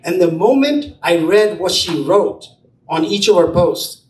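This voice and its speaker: Man, high voice, storytelling talk, acts out quoted dialogue, distant mic, echoey room. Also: animated, unhurried, darkish tone, a little hiss or hum. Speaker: entrepreneur speaking at a brunch event. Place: event room with an audience. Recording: roomy, distant mic, faint ambience.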